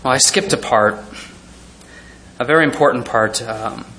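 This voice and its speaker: A man's voice: mid-range voice, normal speed, pushed and bright, slight background noise. A man preaching a sermon, reading scripture aloud and chuckling often as he pictures the scenes. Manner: hesitant fillers and restarts. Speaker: pastor.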